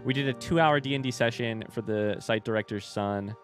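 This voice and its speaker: A young man live-streaming a video game, reacting loudly and swearing when hit while chatting with viewers. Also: medium pitch, fairly quick. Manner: excitable, swears and yelps when hit, reads chat aloud. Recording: game music behind voice. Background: game music.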